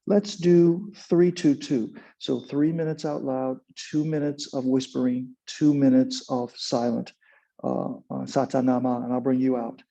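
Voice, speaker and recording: A man teaching a kundalini yoga class, giving calm, unhurried instructions and guiding a chanted mantra with a few fillers. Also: mid-range voice, vocal fry. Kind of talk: guided yoga and meditation instruction. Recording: dull lo-fi sound.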